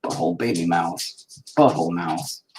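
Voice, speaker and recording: Over soft background music, a man with a deep, slightly mellow voice speaks at a moderate pace as he streams his painting. He mutters to himself as he works, cursing nonstop and criticizing himself casually.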